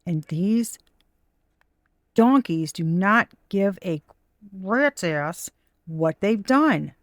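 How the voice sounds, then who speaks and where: A woman's voice: medium pitch, expressive, drawn-out words, no room sound, studio quality. A woman giving a casual tarot reading, blunt and profane, with frustrated asides to her viewers. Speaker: tarot reader.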